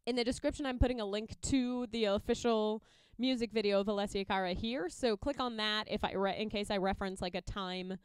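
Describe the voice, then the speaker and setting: A young loop musician explains, in a casual tutorial, how she arranges songs for a looper, staying chatty and upbeat and sometimes singing or beatboxing short examples. Her voice is medium-pitched and smooth, in a dry recording.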